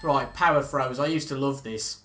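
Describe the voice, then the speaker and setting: A man's voice: medium pitch, moderate pace, bright, forceful tone. A young man casually commentating on a video game, chatty and self-mocking, reacting aloud as he plays. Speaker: gaming video host. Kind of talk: casual let's-play commentary.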